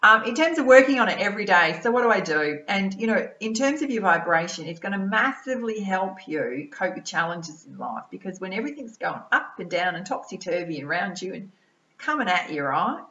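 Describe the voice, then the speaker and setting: An Australian woman, a mind-body-soul balance coach, giving an energetic, chatty motivational talk to camera and tacking "right?" and "yeah?" onto her sentences. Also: mid-range voice, a little fast, reverberant, dull audio. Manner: energetic, chatty, keeps adding tag questions like "right?" and "yeah?".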